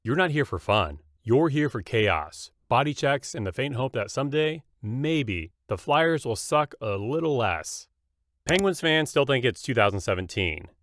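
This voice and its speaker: Man, roast narrator, mocking punchy delivery, dry close sound, mid pitch. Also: very animated, a little slow, fairly bright tone, no echo. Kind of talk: scripted comedic roast narration.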